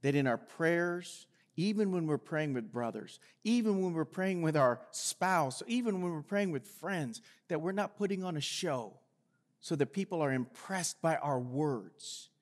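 A man delivers a sermon from the pulpit in a notably high voice. He speaks earnestly to the congregation and reads scripture aloud with rising force. The sound rings with the long reverb of a large church hall. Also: expressive, a little slow. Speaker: pastor. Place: church sanctuary.

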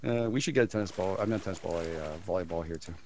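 A man's voice: low-pitched, very fast, a little mellow, a little hiss or hum. A man chatting casually while playing a co-op survival game, stammering a little and laughing often. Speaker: game player. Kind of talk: casual co-op gaming chat.

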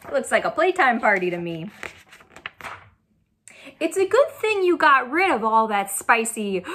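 Young woman with a fairly high voice, reads a children's picture book aloud at an easy pace and quizzes her listeners. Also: a little slow, long pauses. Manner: animated, asks children questions. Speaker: children's storyteller.

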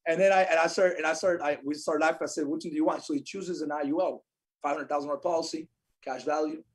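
A man tells stories at a rapid clip in a slightly husky, fairly high voice. He swings between hushed, somber stretches and loud, emphatic bursts. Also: steady tone. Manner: fast, emphatic, swings between quiet sorrow and loud energy. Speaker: podcast guest, insurance agent. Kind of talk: animated storytelling.

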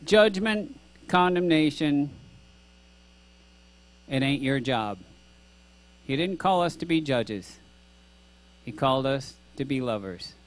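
A man's voice: medium pitch, animated, takes it slowly, pauses often. A middle-aged male pastor giving an earnest, conversational sermon, asking rhetorical questions and acting out both sides of a dialogue. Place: church sanctuary.

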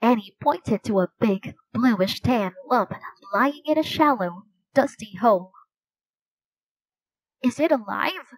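A woman reading a children's story aloud, clear and gentle, at a slow pace. Her voice sits fairly high. The sound is dry and close. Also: expressive, dry recording, rough recording. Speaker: storybook reader.

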